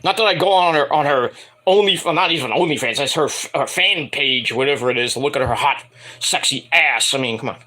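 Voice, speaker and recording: A man reviewing a wrestling show in a casual, rambling rant, swearing freely and mocking people in quick put-on voices. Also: medium pitch, bright, forceful tone.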